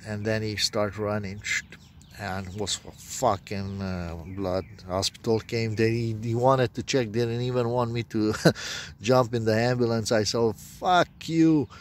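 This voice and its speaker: Low-voiced man telling a rambling, profane story. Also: level tone, unhurried, slight background noise. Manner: profane, meandering, with broken grammar. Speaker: self-described prophet.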